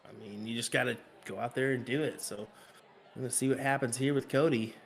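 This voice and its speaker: A man's voice: medium pitch, a little fast, creaky. Easygoing Kansas darts commentator man. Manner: easygoing, steady, with filler words. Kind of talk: live sports commentary.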